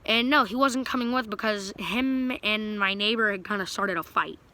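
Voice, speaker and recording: A man's voice: high-pitched, normal speed, sharp tone. A young man telling a story to his viewers in a rambling, casual way, full of fillers and restarts. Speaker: vlogger.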